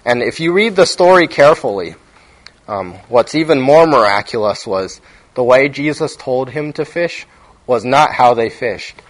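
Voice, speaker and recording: A man's voice: mid-range voice, animated, moderate pace, low-quality recording. A man giving a sermon in a conversational teaching manner, often checking in with his listeners. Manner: conversational, frequent "right?" check-ins. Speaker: preacher.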